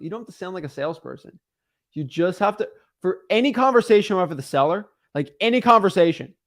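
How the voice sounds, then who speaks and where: On an energetic live stream, a real estate wholesaling coach teaches cold calling in a voice on the high side. He is emphatic and repeats himself, imitating the voices of the people on the other end of the line.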